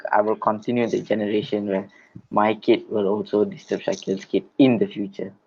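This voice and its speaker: Man, lowish voice, podcast co-host, hesitant, many fillers, muffled audio. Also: level tone, moderate pace, creaky, a little mellow. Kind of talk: casual chat.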